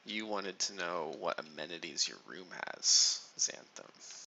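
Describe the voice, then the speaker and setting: A man's voice: deep voice, slow, a crowd in the background, low-quality recording. A man running a tabletop game as game master, teasing his players. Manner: teasing, laughs often.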